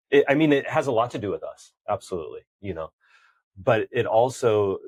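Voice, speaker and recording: A man co-hosting a podcast, speaking thoughtfully and haltingly, with many pauses and fillers. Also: sits low, no room sound. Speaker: podcast co-host. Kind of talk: conversational podcast chat.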